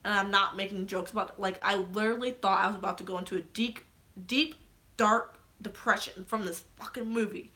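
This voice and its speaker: A young woman vlogging in casual chat, excitable and rambling, with frequent swearing. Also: mid-range voice, brisk.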